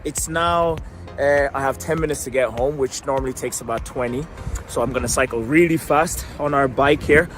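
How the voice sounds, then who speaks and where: A man's voice: mid-range voice, normal speed, a bit bright, faint music behind. A man in his thirties, originally from Tanzania, with an Irish accent. He chats casually and upbeat to a handheld camera, laughing often. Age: 30s. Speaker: vlogger and marketing coach. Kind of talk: casual vlog chat.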